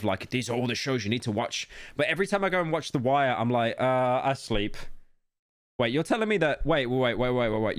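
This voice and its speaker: A man streaming casual reaction commentary, rambling and joking with sudden high-pitched outbursts. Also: fairly bright tone, dry recording.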